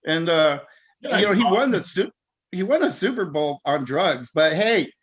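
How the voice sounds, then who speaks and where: A man's voice: a little high, animated, normal speed, fairly bright tone, slightly rough, highs cut off. A man from Southern California doing rambling stand-up comedy over a video call, stammering through restarts and laughing at his own jokes. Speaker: stand-up comic.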